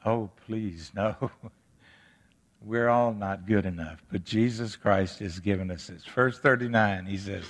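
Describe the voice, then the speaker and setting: A man's voice: lowish voice, slow, big-room sound. A man preaching a sermon to his congregation, earnest, asking rhetorical questions and reading scripture aloud. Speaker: pastor. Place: church sanctuary.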